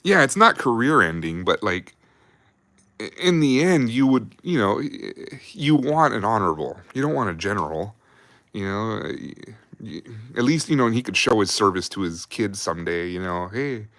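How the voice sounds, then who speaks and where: A man's voice: on the low side, big pitch swings, moderate pace, fairly bright tone, no room sound. A man in his thirties, a livestream host, telling army stories in a rambling, profane, casual way.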